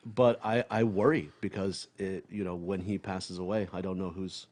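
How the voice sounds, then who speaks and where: A stand-up comedian in casual podcast chat, blunt and profane, laughing often and trailing off with fillers. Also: male voice, low-pitched, fairly even intonation, moderate pace, darkish tone.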